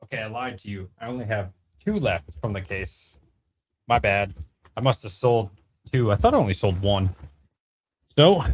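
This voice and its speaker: A man's voice: fairly low pitch, sing-song, normal speed, pauses often, a little mellow. A man in his thirties chatting casually with a live-stream audience while selling and opening trading cards, in a slangy, joking way. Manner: laid-back slangy talk, frequent "bro" and laughter.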